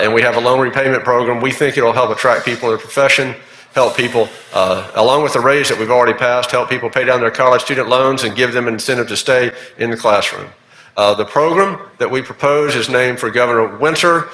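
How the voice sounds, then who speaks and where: A man, a senator presenting a bill on a legislative floor in a measured, explanatory way with plenty of fillers. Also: mid-range voice, pushed and bright. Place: legislative chamber. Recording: echoey chamber with long reverb.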